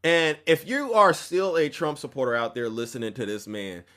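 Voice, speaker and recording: A man hosting a fiery political commentary show, mocking and preachy, shouting to drive his points home. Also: mid-range voice, normal speed.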